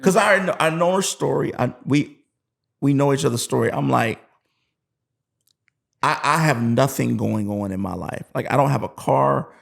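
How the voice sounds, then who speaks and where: A man guesting on a podcast, telling a story in a lively way and acting out the other people's voices. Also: mid-range voice, normal speed, creaky. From USA. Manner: animated storyteller, acts out voices in his anecdotes. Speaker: guest musician. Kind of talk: casual storytelling interview.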